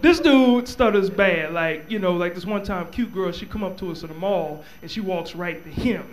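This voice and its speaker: A male comedian working a live club stage, stuttering his way through lively stories. His voice sits very high for a man, and there is a faint hum of noise behind him. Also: moderate pace. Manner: stuttering, animated storytelling. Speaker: stand-up comedian. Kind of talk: live stand-up comedy set.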